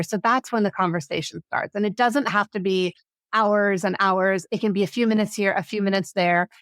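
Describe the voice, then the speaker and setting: Animated woman advocate telling a story. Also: medium pitch, clear, resonant tone, no room sound, clean studio sound. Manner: animated, acts out quoted voices. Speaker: education advocate, interview guest. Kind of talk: interview storytelling.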